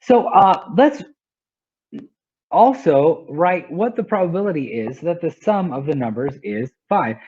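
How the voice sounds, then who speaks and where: A man's voice: fairly high pitch, expressive, a little slow, a little mellow, breathy edge, lo-fi sound. A male teacher explaining a math lesson step by step, often checking in with "right?".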